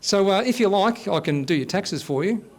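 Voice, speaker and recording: Brief: Australian male comic, fifties, fairly high for a man, deadpan stand-up host on a live stage. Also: moderate pace. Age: 50s. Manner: deadpan storytelling with blokey banter. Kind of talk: stand-up comedy set.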